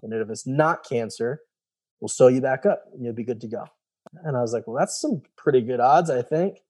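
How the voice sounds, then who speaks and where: A man's voice: mid-range voice, a little fast, dark tone, husky, dry recording. A young man casually recounting his own story, rambling and retelling what others said to him. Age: young adult. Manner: loose, rambling, retells dialogue with "he's like". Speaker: guest telling his story.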